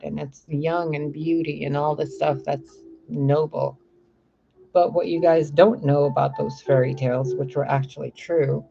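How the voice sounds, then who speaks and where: A man's voice: fairly high pitch, vocal fry, mellow. A man talking in a casual, rambling, profane monologue as a spiritual reader. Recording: slightly muffled with faint music. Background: faint music.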